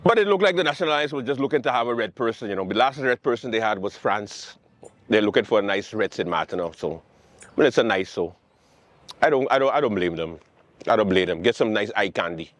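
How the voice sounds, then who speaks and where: A man hosting a late-night comedy show, ranting about politics in a sarcastic, animated way. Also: fairly low pitch, fast talker, no room sound. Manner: animated, sarcastic, mocking quotes and repetition. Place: outdoors with planes overhead.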